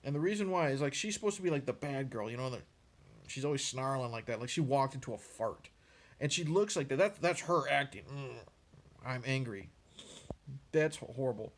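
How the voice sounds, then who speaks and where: A man's voice: mid-range voice, expressive, fast talker. A man giving a casual, sarcastic, profane rant reviewing a movie, sounding exasperated and mocking. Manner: sarcastic, exasperated, swears freely.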